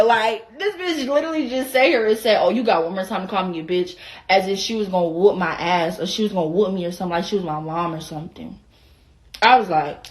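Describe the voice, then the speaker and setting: A woman's voice: medium pitch, lively intonation, a little fast, a bit bright. A young woman with an Atlanta Southern accent telling a casual, profane storytime rant, acting out the other people's lines in quoted voices. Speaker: vlogger.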